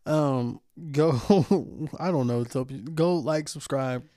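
A man's voice: medium pitch, slow pace, mellow, dry recording, clean studio sound. Profane, ranting podcast host man. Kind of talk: casual podcast chat.

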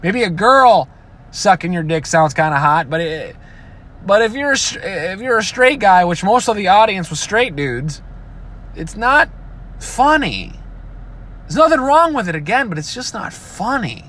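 A man with a fairly high voice rants casually and profanely, swearing freely and slipping into mocking imitations of other people. He sounds like he is talking inside a vehicle, with car noise behind him. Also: lively intonation, normal speed, fairly bright tone. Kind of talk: casual rant.

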